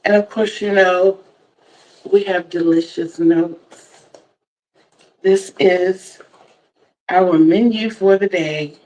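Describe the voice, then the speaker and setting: A woman's voice: fairly low pitch, fairly even intonation, takes it slowly, long pauses, darkish tone, low-quality recording. An older woman from Virginia, hosting a casual crochet livestream in a chatty, effusive way and repeating words for emphasis. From Virginia, USA.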